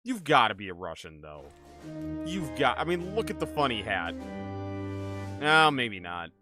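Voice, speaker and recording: A man's voice: mid-range voice, very animated, a little slow, pushed and bright, faint music behind. A man streaming a game, joking with chat and thinking aloud as he plays. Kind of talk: casual gaming stream chat.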